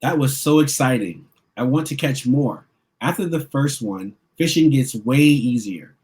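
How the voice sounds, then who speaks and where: A man's voice: medium pitch, animated, a little slow, darkish tone. A children's book author reading his picture book aloud, narrating expressively in the first person.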